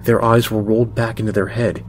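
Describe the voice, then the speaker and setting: Pitched a little low, a man's measured, tense voice narrates a horror story with steady, deliberate delivery. Music plays beneath the reading.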